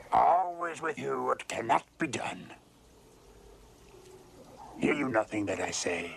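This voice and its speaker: A wizened little alien sage speaks in a film scene, his voice deeply gravelly and croaking. He talks very slowly, his phrasing inverted and his pitch rising and falling widely. There is a faint hiss under the old soundtrack. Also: sing-song, full character voice. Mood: weary. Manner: very slow, inverted phrasing, heavy sighs. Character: ancient tiny male alien sage, patient, stern. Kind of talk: film dialogue clip.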